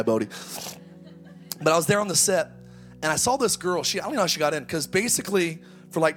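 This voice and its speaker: High, lively preaching man. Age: 30s. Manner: energetic, exhortative, humorous asides. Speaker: pastor. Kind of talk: sermon.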